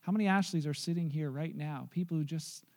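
A man with a notably high voice preaches a sermon, weaving in storytelling. He swings from loud, eager bursts to quiet, hushed moments as he speaks. The delivery is animated and earnest. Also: fairly quick. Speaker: pastor.

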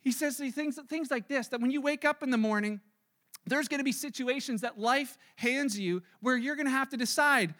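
A man preaching to his congregation in a very high, bright voice that carries plenty of force. He preaches in an animated way and slips into playful voices to act out everyday scenes. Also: moderate pace. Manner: animated, acts out everyday scenarios in little voices. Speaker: pastor. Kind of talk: sermon. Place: church service.

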